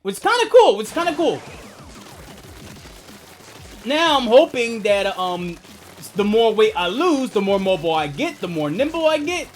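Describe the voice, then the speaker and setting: A man's voice: high-pitched, very animated, normal speed, long pauses, a little hiss or hum. A young man streaming a video game, chatting casually in a rambling, profane way and laughing often. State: asthmatic. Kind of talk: casual gaming stream chat.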